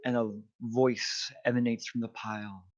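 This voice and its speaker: A man's voice: mid-range voice, flat delivery, normal speed, dry recording. A man narrating as game master of a tabletop game, describing scenes unhurriedly. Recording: dull lo-fi mic.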